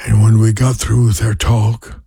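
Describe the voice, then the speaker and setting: A man's voice: lowish voice, level tone, creaky, warm tone, breathy edge, dry recording. A man in his eighties from Louisiana with a Southern accent, an evangelist preaching and telling folksy personal stories. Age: 80s. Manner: slow, folksy storytelling with prayer.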